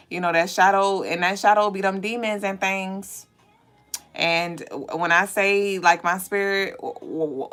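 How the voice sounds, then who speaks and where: Woman livestream host, mid-pitched, casual and profane, quick to laugh. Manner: chatty and animated, with frequent laughter; swears casually, with high squealing bursts. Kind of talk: casual livestream chat, reading viewer comments.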